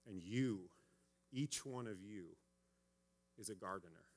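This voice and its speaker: Pastor guy, 30s, lowish voice, chatty sermon, keeps tossing in "right?". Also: slow, darkish tone. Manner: conversational preaching, frequent "right?" asides.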